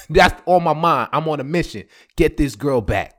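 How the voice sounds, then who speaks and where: A man's voice: mid-range voice, animated, moderate pace, a bit bright. A young man hosting a podcast, telling a personal story in heavy slang, laughing often. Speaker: podcast host. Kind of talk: casual storytelling.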